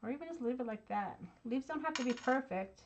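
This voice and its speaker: A craft channel host chats and pokes fun at herself while working at her home desk, calling her viewers "y'all." Her high, expressive voice moves briskly, with background noise in the recording.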